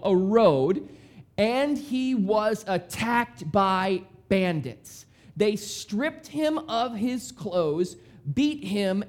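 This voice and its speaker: A man preaching a sermon as pastor, in a lively, conversational style that acts out the quotes he retells. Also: high voice. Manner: animated, conversational preaching with dramatic voiced quotes.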